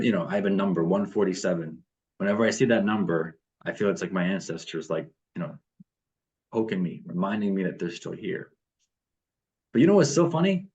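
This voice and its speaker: A man's voice: sits low, a little mellow, lo-fi sound. A man leading a morning devotion over a video call, reading passages aloud and then talking them through with fillers and restarts.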